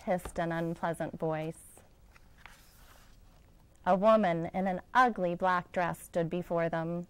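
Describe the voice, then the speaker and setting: A woman, a school director, reading a children's picture book aloud in a gentle storytelling manner. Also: lowish voice, unhurried, smooth, rough recording.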